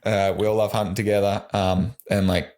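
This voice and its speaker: A man's voice: fairly low pitch, level tone, a little fast, a little mellow. A man with an Australian accent, a guest on a podcast, chatting easygoing and rambling with lots of "like". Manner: easygoing, rambling, says "like" a lot. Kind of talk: casual podcast chat.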